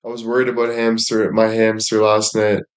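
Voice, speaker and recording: A man talking loosely on a stream, his voice sitting a little low. He rambles, swears freely and leans on fillers between his thoughts. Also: completely flat delivery, a little fast. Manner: rambling, profane, with lots of filler words. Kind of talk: casual chat.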